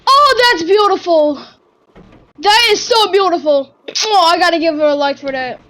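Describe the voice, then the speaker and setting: A woman giving excitable gaming commentary, full of gasps and exclamations. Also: very high voice, normal speed, rough recording. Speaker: gamer.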